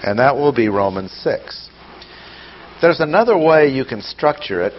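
A male Bible teacher works through a passage methodically, reading verses aloud and explaining them with rhetorical questions. His voice sits at a middle pitch. The recording is dull and lo-fi, with a faint hiss behind it. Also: animated, a little slow. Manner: poses rhetorical questions to listeners. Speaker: preacher teaching scripture. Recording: dull lo-fi sound with faint noise.

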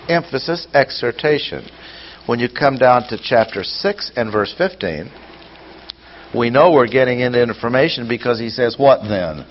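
A man's voice: medium pitch, animated, measured pace. Methodical male Bible teacher. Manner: methodical, reads verses aloud then explains; poses rhetorical questions to listeners. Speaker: preacher teaching scripture. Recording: dull lo-fi sound with faint noise.

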